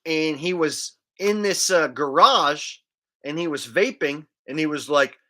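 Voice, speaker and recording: A man's voice: on the high side, a little slow, pushed and bright. A man hosting a casual livestream, rambling loosely and dropping "man" and "like" as he talks. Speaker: livestream host.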